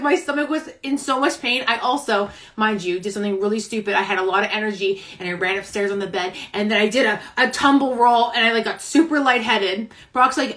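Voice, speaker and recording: Young woman, higher voice, bubbly live chat, laughs often, a bit breathless. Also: quick pace, pushed and bright. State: a little out of breath. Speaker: vlogger. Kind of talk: casual live-stream chat. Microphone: phone camera.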